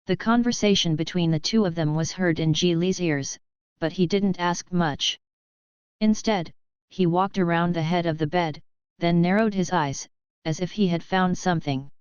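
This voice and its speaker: A woman reading a novel aloud as an audiobook narrator, in an even, measured way. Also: on the low side, clear, resonant tone, no echo, highs cut off. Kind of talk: scripted narration.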